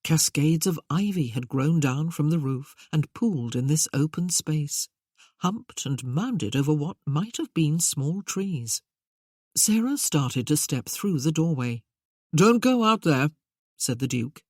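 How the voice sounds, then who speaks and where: An audiobook narrator reading a period romance novel in an even, measured way. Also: mid-range voice, no room sound, clean studio sound.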